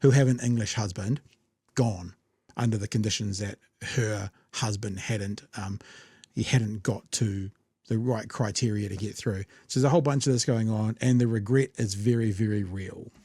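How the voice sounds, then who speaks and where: A man with a New Zealand accent hosting a casual political chat show, blunt, sarcastic and quick to swear. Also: lowish voice, mellow, breathy edge, no room sound. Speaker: podcast host.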